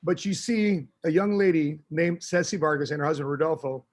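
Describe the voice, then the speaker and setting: A man hosting a podcast, asking questions in a quick, joking way with repeated words. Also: on the high side. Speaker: podcast host.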